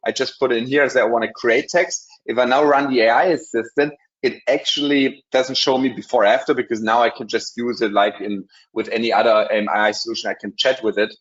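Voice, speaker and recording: A man with a German accent giving a live software demo in a webinar, talking casually with many ums and restarts. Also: mid-range voice, steady tone, fairly quick, lo-fi sound. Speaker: webinar presenter.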